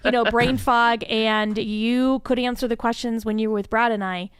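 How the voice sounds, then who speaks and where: A woman talks through her program with a chatty, upbeat energy, leaning on "um" and "you know" as she goes. Her voice is smooth and clear, recorded dry with almost no room sound. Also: a little high, fairly even intonation, moderate pace, no echo. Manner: chatty and enthusiastic, frequent "um, you know" fillers. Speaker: incubator staff member, interview guest. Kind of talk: conversational interview answer.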